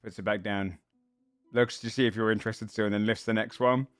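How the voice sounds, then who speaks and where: A man running a tabletop game as game master, describing the scene in halting, filler-laden narration. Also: on the low side, fairly even intonation, fairly bright tone, clear, resonant tone, dry recording, clean studio sound.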